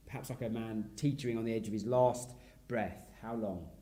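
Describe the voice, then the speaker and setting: A man preaching an expository sermon in a reflective way, his voice sinking softly at the ends of phrases. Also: on the low side, fairly even intonation, brisk. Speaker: pastor.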